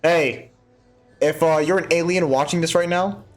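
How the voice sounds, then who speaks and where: A man's voice: a little high, fairly even intonation, normal speed, faint music behind. A man hosting a gaming video, talking through a game with profane jokes and frequent laughter. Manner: profane, joking, laughs often. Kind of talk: let's play commentary.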